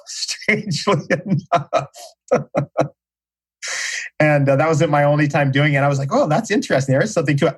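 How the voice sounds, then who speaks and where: A man's voice: medium pitch, rough recording. Enthusiastic middle-aged man telling stories. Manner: enthusiastic storyteller, casual slang. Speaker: podcast guest. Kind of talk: casual conversation.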